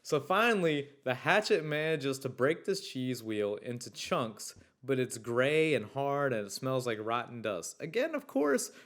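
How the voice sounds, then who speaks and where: A young man hosting a podcast in a casual, chatty way, reading listener stories aloud and riffing on them with excitable, swear-laden enthusiasm. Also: mid-range voice, unhurried, hardly any pauses. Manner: excitable, swears freely, riffs loudly on stories. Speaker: podcast host.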